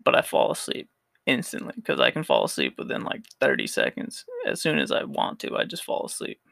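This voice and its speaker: A young man hosts a casual solo podcast, rambling through a story with plenty of swearing and frequent laughter. His voice is on the high side and heavily gravelly with fry, and it swings widely in pitch. The sound is close and dry. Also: huge pitch swings, brisk, fairly bright tone, no echo. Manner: rambling, profane, laughs often. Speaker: podcast host.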